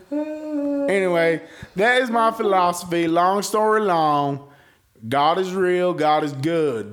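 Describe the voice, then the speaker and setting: A man co-hosting a casual chat show, talking through his theories in a loose, slangy way. His voice sits a bit high for a man, and he often slows down and lowers it when he gets serious. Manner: drawn-out, speculative storytelling with Southern slang. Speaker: podcast co-host.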